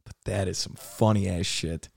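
A man's voice: sits low, fairly even intonation, moderate pace, creaky, no echo, studio quality. A man hosting a reaction video in casual chat, swearing and saying dude a lot.

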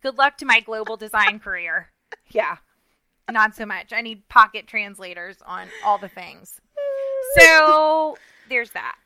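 A middle-aged woman co-hosting a podcast, telling a story in a self-mocking, animated way with lots of restarts and asides. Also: mid-range voice, normal speed, smooth, no room sound, poor audio. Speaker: podcast co-host. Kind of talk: casual storytelling chat.

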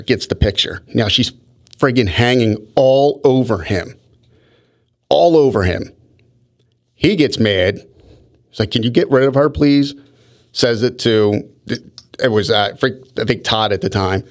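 A man's voice: on the low side, slow, long pauses. A man telling rambling stories in casual podcast chat, often restarting his sentences. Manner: rambling, animated storyteller with frequent restarts.

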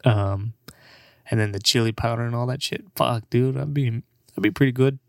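A man's voice: mid-range voice, normal speed, gravelly, dry recording, studio quality. A young man in his twenties, a comedian, rambling casually in a profane, laid-back way and laughing often.

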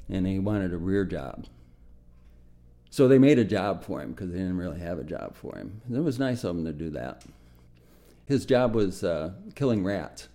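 An older man from the United States telling his own story for a documentary radio piece, slow and reflective, often sinking to a quiet murmur. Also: sits low.

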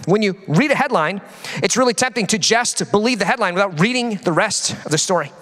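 Man, pastor, sermon, animated storytelling, lots of fillers and restarts, long hall reverb. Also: high voice. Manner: animated storytelling with quick jokes. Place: large church hall.

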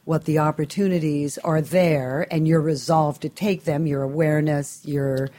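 Woman interviewer, deep voice, mellow tone, emphatic, conversational. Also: steady tone, normal speed. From Southern California.

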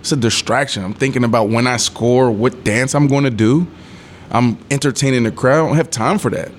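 A man's voice: medium pitch, brisk. A man in his thirties, a former pro football player, telling a story in a casual interview, acting out quotes and laughing. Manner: animated storyteller who acts out quotes, swears, laughs. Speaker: former NFL wide receiver, guest.

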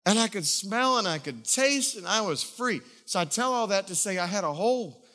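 Male pastor, high-ish forceful voice, emotional animated testimony sermon. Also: moderate pace.

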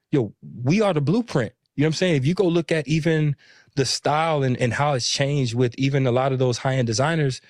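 A man's voice: mid-range voice, a little mellow, no echo, clean studio sound. A young man who founded a clothing brand, speaking earnestly and often checking in with "you know what I'm saying.". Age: young adult. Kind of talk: interview answer.

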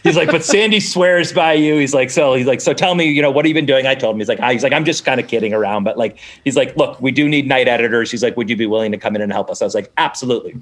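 Middle-aged man, mid-pitch, casual podcast storyteller who acts out the voices of others. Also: rapid-fire, hardly any pauses. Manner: animated, acts out quoted dialogue, swears casually.

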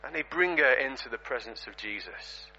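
A man preaching a storytelling sermon in a church, animated and conversational, full of rhetorical questions. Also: mid-range voice, normal speed. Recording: dull lo-fi recording.

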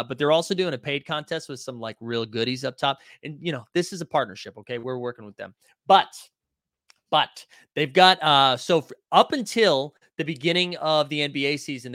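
A man's voice: mid-range voice, pushed and bright, dry recording, studio quality. A man hosting a casual livestream, reading out viewer comments in a loose, rambling way full of fillers and restarts. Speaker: livestream host.

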